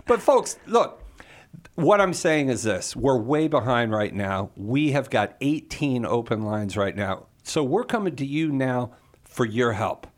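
A man's voice: mid-range voice, lively intonation, a little slow. A man on a talk radio show pleads with listeners for donations, his voice pressing and urgent. He keeps circling back to the call-in number, coaxing and challenging them to give more. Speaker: radio apologist host. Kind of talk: radio fundraising appeal.

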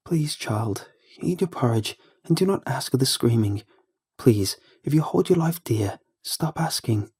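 A man's voice: mid-range voice, expressive, measured pace, darkish tone, slightly rough, pitched above the performer's own voice. A man voicing a desperate mother in a horror story, pleading and tearful. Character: grieving mother turning monstrous, pleading.

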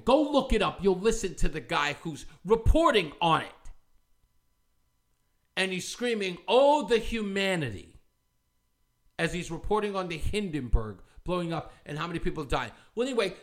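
A man hosting a commentary show, ranting in a heated, scornful, confrontational way. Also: a little high. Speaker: talk show host.

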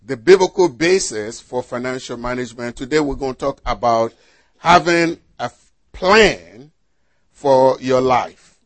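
A man's voice: medium pitch, no echo. A man preaching as a pastor, reading scripture and quizzing his congregation with questions. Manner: slow, deliberate delivery with rhetorical questions to the congregation.

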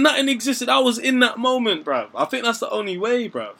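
A man's voice: high-pitched, fairly quick, creaky, few pauses. A young man, telling stories in casual chat and acting out quoted lines in slang. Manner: animated storyteller, slang-heavy, acts out quotes.

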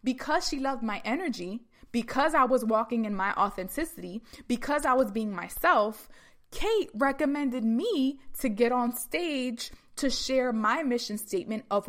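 An energetic woman speaking as a motivational speaker, her voice pitched a little high. She talks emphatically and addresses her listeners directly. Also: moderate pace. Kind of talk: motivational talk.

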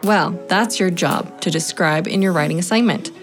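A woman's voice: on the low side, normal speed, faint music behind, lightly acted. A woman playing a kind, encouraging grade-school teacher in a children's audio drama. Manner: warm, encouraging.

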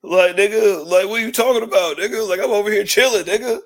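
A man's voice: sits high, quick pace. A man co-hosting a wrestling podcast in casual chat, ranting and joking with lots of swearing. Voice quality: loud, swearing, joking rants. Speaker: podcast co-host.

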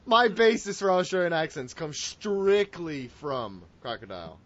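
A man hosting a casual wrestling podcast, loud and excitable, with swearing banter. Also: fairly high pitch, unhurried. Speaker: podcast host. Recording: dull lo-fi audio.

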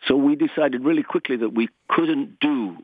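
A man's voice: mid-range voice, normal speed, no echo. Older guy on a tinny phone line, chatty and self-mocking. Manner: chatty, self-mocking, sings snatches of songs. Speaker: guest musician. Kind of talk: casual interview chat.

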